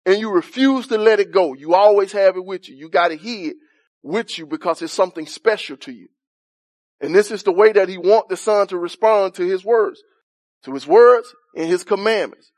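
A man with a notably high voice leads a Bible study in a relaxed, colloquial preaching style. He builds his points by repeating phrases and drifting into personal stories. The sound is close and dry. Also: dry recording. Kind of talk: conversational sermon.

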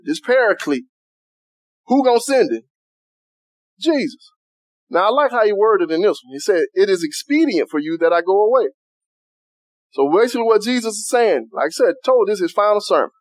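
Male preacher, high voice, dry close sound, plainspoken conversational delivery. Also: no room sound. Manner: conversational preaching with Southern American vernacular. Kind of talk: sermon.

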